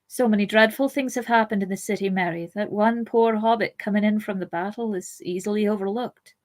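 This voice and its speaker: Woman reading as a caring young hobbit lad, bright and pressing, voice a touch raised. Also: mid-range voice, steady tone, fairly quick, lightly acted. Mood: urgent. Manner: urgent, coaxing, raised voice.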